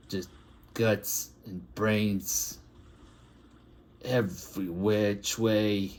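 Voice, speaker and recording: A man putting on a drawling back-alley plague doctor. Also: lowish voice. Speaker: artist improvising a comic story. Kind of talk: improvised comic monologue.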